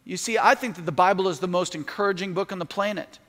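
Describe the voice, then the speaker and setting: A middle-aged pastor with a notably high voice delivers an earnest sermon, rising to emphatic peaks and slipping into spoken prayer. His words ring out with a long hall reverb in a large church. The delivery stays intent and heartfelt throughout. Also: fast, fairly bright tone. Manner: earnest, building to emphatic peaks, prays aloud mid-talk.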